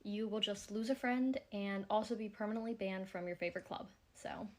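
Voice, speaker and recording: A woman's voice: medium pitch, fairly even intonation, fairly quick, darkish tone. A woman telling a casual storytime in a matter-of-fact, wry way.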